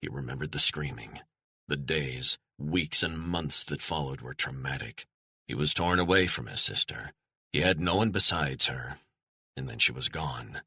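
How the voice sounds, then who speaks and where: A man narrating a thriller audiobook in a measured, steady storytelling manner, on a close studio mic. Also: extremely low pitch, slightly rough, dry recording.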